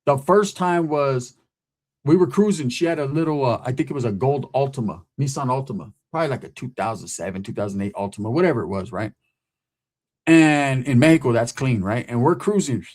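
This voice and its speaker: A man tells a story from his past in loose street slang, his voice sitting at an ordinary middle pitch. He talks like a host chatting to his audience and keeps checking in with a quick "right?". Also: animated, a little mellow. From California. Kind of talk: casual storytelling.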